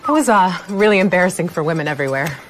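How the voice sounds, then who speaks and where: A woman's voice: fairly low pitch, lively intonation, very fast, soft background music. Dry-voiced female co-host reading intros. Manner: dry, teasing read of clip introductions. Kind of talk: scripted recap narration.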